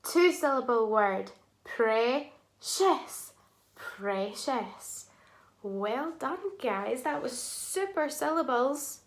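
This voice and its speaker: A woman teaching a phonics lesson to young children, sounding out words slowly and clearly and praising often. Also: sits high, expressive.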